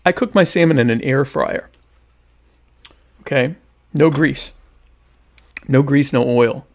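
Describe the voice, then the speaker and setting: Gravelly-voiced man, joking host. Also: mid-range voice, slow pace. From United States. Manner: joking, mock-indignant, reads chat comments aloud. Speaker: podcast host. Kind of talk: casual live-stream chat.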